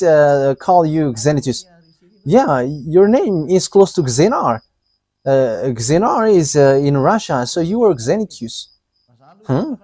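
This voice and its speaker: A man preaching a live sermon, talking in short, halting, broken phrases. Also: fairly high pitch, a little mellow, dry recording.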